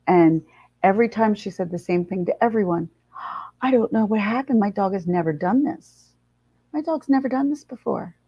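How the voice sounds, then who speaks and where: A woman's voice: medium pitch, moderate pace, husky, no echo. A woman hosting a live chat, telling a story in a casual, blunt way and swearing freely. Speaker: livestream host. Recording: dull lo-fi sound.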